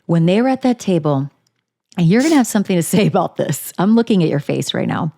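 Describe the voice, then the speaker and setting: A woman with a somewhat low voice co-hosts a casual chat. She is candid and quick to laugh, and she swears freely as she talks. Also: animated, gravelly, warm tone. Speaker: podcast co-host.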